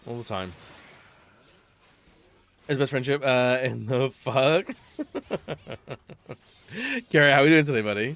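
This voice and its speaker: A man's voice: medium pitch, expressive, a little slow, pauses often, a bit bright. A man chatting casually during a live stream, rambling and laughing often between remarks. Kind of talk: casual live-stream chat while gaming.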